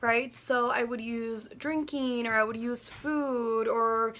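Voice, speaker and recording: A woman talking earnestly and gently in a casual, heartfelt monologue to camera, often saying "like" and "you know". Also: fairly high pitch, fairly even intonation, slow. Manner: earnest and gentle, with many likes and you-knows. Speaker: vlogger sharing personal reflections.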